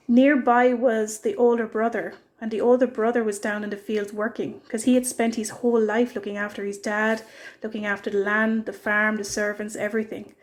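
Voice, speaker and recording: A woman giving a short devotional church message, retelling a parable in an earnest, gentle way. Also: medium pitch. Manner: earnest storytelling. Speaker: church speaker.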